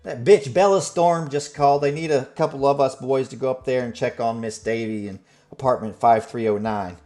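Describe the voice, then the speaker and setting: A man voicing a heavyset, crude, grumbling handyman who yells and swears. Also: medium pitch, moderate pace, faint music behind, pitched above the performer's own voice, natural voice. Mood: griping, shouting. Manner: shouting, cursing, complaining.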